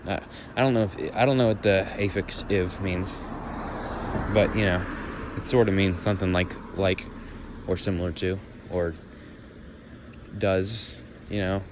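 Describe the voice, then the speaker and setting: Deep-voiced young man rambling on a walk. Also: steady tone, unhurried, background noise. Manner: musing, meandering, thinks out loud. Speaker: vlogger. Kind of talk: rambling walk-and-talk monologue. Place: outdoors on a walk through leaves.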